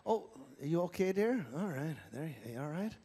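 A man's voice: on the high side, lively intonation, moderate pace, mellow, breathy edge. A man hosting a ventriloquist stage show, folksy and teasing as he coaxes audience volunteers. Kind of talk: live stage comedy banter. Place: large theatre stage with audience.

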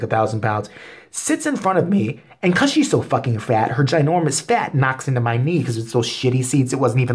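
A man's voice: medium pitch, darkish tone, slightly rough. A man telling an angry story as a vlog rant, cursing constantly and getting worked up. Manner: angry, expletive-heavy storytelling. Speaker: vlogger. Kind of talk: profane comedic rant.

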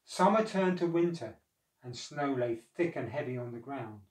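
A man narrating a storybook, measured and expressive. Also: medium pitch. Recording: echoey room, far from mic.

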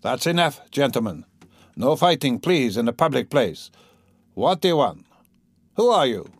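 A man reading an audiobook who voices a stern older male police constable, speaking in a firm, measured way. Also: medium pitch, big pitch swings, breathy edge, no echo, studio quality, heavily acted.

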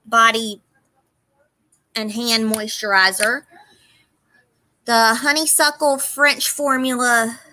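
A woman with a Southern accent hosts a live-stream auction and chats as she lists the items in each lot. Her voice is high and bright. She talks at an easy, unhurried pace, and the recording sounds close and dry. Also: no room sound, poor audio. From Southern United States. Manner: chatty, laughing, reading out product names.

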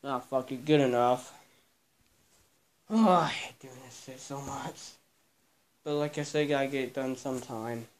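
A man's voice: mid-range voice, unhurried, long pauses. A young man grumbling and swearing through a casual vlog while he cleans a cluttered bedroom. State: out of breath. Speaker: vlogger.

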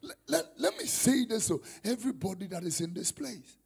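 A man with a Ghanaian accent preaching a conference sermon, mixing Twi and English and bursting into shouts. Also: sits high, sing-song, a little fast, creaky, breathy edge. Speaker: prophet. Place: conference hall.

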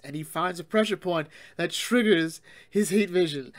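A man hosting a casual comic book talk show, recapping the story in an animated, rambling way and acting out characters' lines. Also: high voice. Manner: animated, acts out characters' lines in quick voices; laughs often, rambling with fillers. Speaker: comic book podcast host.

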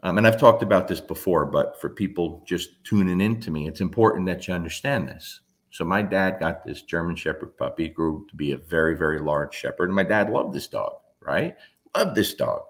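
A man in his fifties with a very low, deep voice tells a story in a blunt, emphatic way. He swears freely and keeps hammering his points home in casual talk. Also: a little fast. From New Jersey. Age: 50s. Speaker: dog trainer.

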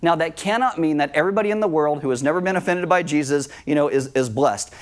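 A man pastor delivering an emphatic sermon in a church, with a somewhat high voice for a man. He speaks with conviction and drives his points home. He often acts out the people he quotes, jumping up in pitch.

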